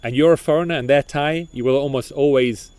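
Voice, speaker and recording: A man co-hosting a podcast, telling a story in casual chat, animated and full of restarts and repeated words. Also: medium pitch, a little fast, smooth, no room sound. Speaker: podcast co-host.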